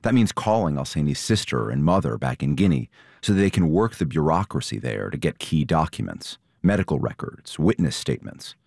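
A man reporting, reading a scripted story narration in a measured, steady way and interviewing guests. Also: a bass voice, vocal fry, no echo, clean studio sound. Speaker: reporter and host.

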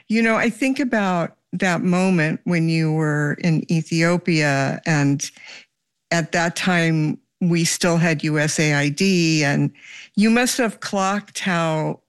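An interviewer asking deliberate, probing questions. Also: medium pitch, clear, resonant tone.

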